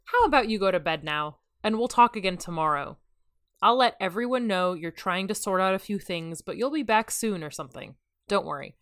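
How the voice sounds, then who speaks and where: A woman reading the part of a calm, reassuring female best friend in a soothing, coaxing way. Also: medium pitch, a little fast, no room sound, studio quality, lightly acted.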